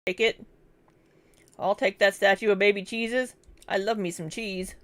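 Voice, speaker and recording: A woman's voice: medium pitch, fairly even intonation, unhurried, fairly bright tone, slight background noise. A woman vlogger chatting casually as she reacts to clips, laughing often.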